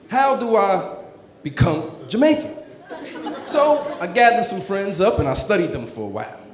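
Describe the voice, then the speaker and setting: A man in his thirties from New Jersey doing stand-up, telling stories in a profane, animated way. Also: high voice, echoey room. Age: 30s. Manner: profane, animated storytelling, many filler restarts. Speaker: stand-up comedian. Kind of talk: stand-up comedy storytelling.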